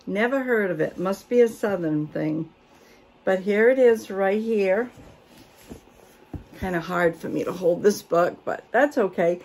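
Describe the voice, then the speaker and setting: A woman's voice: mid-range voice, unhurried, a little mellow. An older woman, chatting casually and reading a cookbook aloud with folksy asides. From Maine. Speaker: homestead vlogger.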